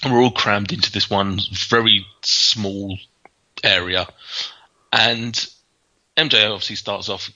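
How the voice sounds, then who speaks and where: A man's voice: fairly low pitch, normal speed, pushed and bright. A man telling casual, rambling anecdotes in a chat, full of fillers and restarts. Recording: dull lo-fi sound.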